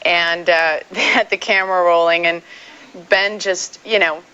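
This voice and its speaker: Young woman from South Africa, Afrikaans native, crisp bright lowish voice, muffled old TV sound. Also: steady tone, a little slow. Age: 20s. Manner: light, giggly and candid. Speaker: guest actress. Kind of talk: casual interview chat. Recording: dull archival TV audio.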